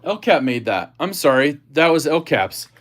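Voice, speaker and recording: A man's voice: fairly high pitch, very animated, moderate pace, fairly bright tone. A man hosting a casual livestream, chatting about gear and reading viewer comments aloud. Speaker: livestream host.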